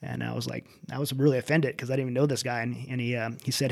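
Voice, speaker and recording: A middle-aged military veteran, a guest in an interview, candidly tells his own story in a personal testimony. His mid-range, creaky voice stays steady in tone but moves very fast, with many restarts along the way.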